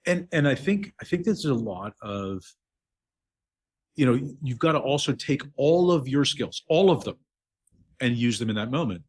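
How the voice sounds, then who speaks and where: A man's voice: medium pitch, lively intonation, moderate pace, darkish tone, husky. A man hosting a podcast, summing up the guest's story with short prompting questions. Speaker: podcast host. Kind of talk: interview chat.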